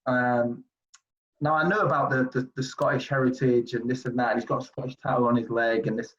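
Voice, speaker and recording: A man in his forties from England, telling basketball stories in a casual interview, animated and rambling with many fillers. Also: medium pitch, fairly quick. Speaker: streetball player guest. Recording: dull lo-fi audio.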